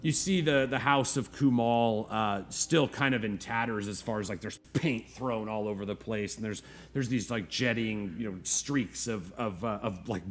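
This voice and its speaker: A man narrating as game master, rambling with many fillers and now and then squeaking out children's voices.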